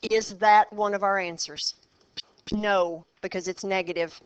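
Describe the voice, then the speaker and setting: There's no echo on this clip of a woman's clear, resonant, mid-range voice, steady in tone. She's teaching a math class, quizzing students in a brisk, encouraging manner and breaking problems down step by step.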